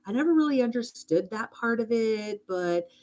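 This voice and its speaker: A woman's voice: on the high side, animated, normal speed, darkish tone. A middle-aged woman hosting a live stream, chatting casually and heartfeltly, rambling a little and thanking viewers for gifts.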